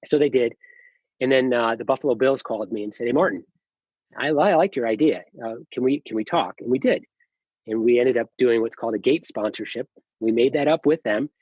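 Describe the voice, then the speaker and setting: A middle-aged man, a company founder, telling his story as a podcast guest, animated, acting out quoted dialogue, with many fillers and restarts. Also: mid-range voice, fairly quick, husky, no echo, lo-fi sound. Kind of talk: casual storytelling interview.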